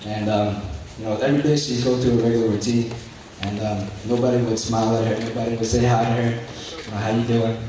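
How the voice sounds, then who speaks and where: A young man giving a fervent motivational speech to a business group, repeating key phrases and breaking into shouts. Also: fairly low pitch, steady tone, fast talker, a little hiss or hum. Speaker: motivational speaker at a business meeting. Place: large indoor hall with a live audience. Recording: very echoey hall, mic far off, crowd.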